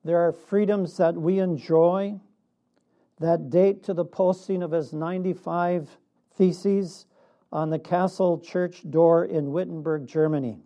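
A man preaching a sermon in a measured way, with a laugh now and then. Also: a little high, fairly even intonation, dark tone. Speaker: pastor.

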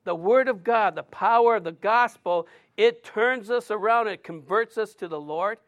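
This is a male pastor delivering a sermon with a noticeably high voice. He preaches emphatically, stacking short phrases one after another to drive each point home. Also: normal speed, a bit bright, lo-fi sound.

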